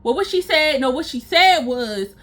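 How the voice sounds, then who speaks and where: A woman vlogger casually telling a story to her viewers in an animated way. She repeats phrases for emphasis and acts out what people said. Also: high-pitched, moderate pace.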